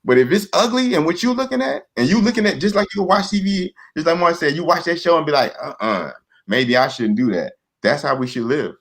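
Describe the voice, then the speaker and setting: Speaking quickly and with hardly any pauses, this guest has lively intonation and a fairly bright tone. In casual talk he's earnest and repetitive, restarting sentences often and voicing quotes in a higher pitch.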